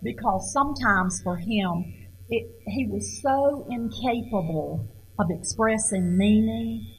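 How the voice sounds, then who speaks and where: A middle-aged woman giving an informal lecture on poetry, halting and repeating words as she questions her audience. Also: mid-range voice, fairly bright tone, husky, poor audio.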